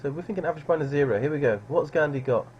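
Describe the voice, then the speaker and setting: A man's voice: on the high side, racing, dull audio, slight background noise. A man streaming live poker, musing over players in a dry, sardonic way.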